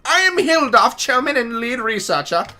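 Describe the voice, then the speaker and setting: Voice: mid-range voice, big pitch swings, normal speed, sharp tone, voice pushed up. A gamer voicing a pompous male scientist in a put-on German accent, reading game dialogue aloud in a formal, lecturing way.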